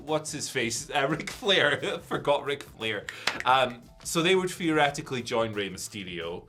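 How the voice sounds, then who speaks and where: A man with a Scottish accent hosting a casual wrestling news chat, quick and jokey, laughing often. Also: mid-range voice, very animated, pushed and bright, faint music behind. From Scotland.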